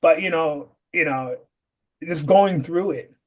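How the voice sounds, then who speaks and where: A man from upstate New York speaks as a podcast guest, voice sitting a bit higher than most men's. He is lively and animated, and he acts out the dialogue he quotes. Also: takes it slowly. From Rochester, New York. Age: adult parent. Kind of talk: conversational interview.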